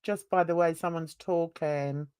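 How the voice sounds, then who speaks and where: A woman's voice: deep voice, steady tone, measured pace, a little mellow, clear, resonant tone, no room sound. An older woman from London, hosting a casual, opinionated and rambling chat. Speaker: host.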